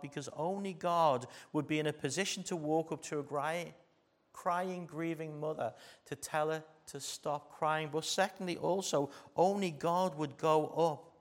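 English pastor, emphatic then hushed. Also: male voice, a little high. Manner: swings between loud emphatic and soft intimate delivery; conversational, with rhetorical questions to the congregation. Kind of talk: sermon.

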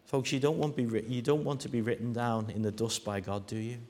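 A man preaching a sermon at a middle pitch. He swings between hushed, grave lines and loud, ringing quotes that he acts out. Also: fairly even intonation, fast. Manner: dramatic shifts from hushed to loud, acting out quoted voices.

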